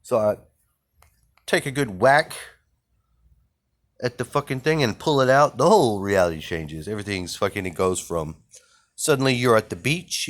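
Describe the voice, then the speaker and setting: A man with a very low, deep voice rambles through a defiant, profanity-laced monologue. He jumps from one thought to the next and swears constantly as he rants. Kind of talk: ranting monologue.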